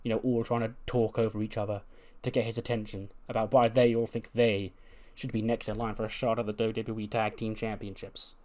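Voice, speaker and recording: A man's voice: on the low side, little pitch movement, brisk, darkish tone. Man narrating a game, chuckling. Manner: laughs often, improvises storylines. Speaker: let's play narrator. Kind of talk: casual game commentary.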